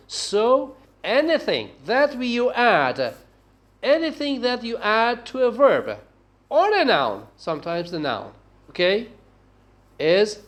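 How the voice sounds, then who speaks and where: A man giving a university linguistics lecture, talking haltingly and often checking in with "okay?". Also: high voice. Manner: slow, halting delivery with frequent "okay?" checks and restarts.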